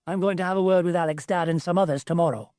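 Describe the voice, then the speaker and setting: A woman's voice: fairly low pitch, fast talker, mellow, no room sound, clean studio sound, close to an everyday voice. A woman voicing a firm, practical middle-aged mother in a storybook.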